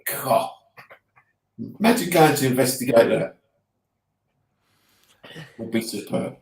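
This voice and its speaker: An earnest Essex man musing on hauntings in relaxed talk, a mid-pitched voice in an echoey room. He often trails off and restarts his thoughts. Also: slow pace, slight background noise. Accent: Essex English. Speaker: podcast co-host. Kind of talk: casual chat.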